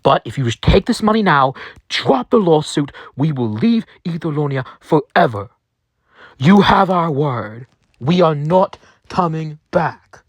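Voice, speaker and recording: A man's voice: fairly high pitch, animated, a little slow, no echo, pitched above the performer's own voice. A man voicing a sheepish, rambling male company boss who stammers and apologizes. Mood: flustered.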